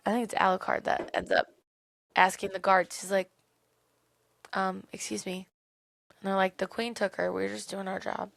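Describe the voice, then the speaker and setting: Chatty young woman with a gravelly edge. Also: mid-range voice, moderate pace, pauses often, no echo. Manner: chatty, animated retelling with many "like"s. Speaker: podcast co-host. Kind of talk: casual book discussion.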